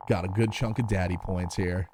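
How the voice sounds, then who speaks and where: A man streaming a game and reading it aloud, chatting in a relaxed way with drawn-out fillers. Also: deep voice, slight background noise.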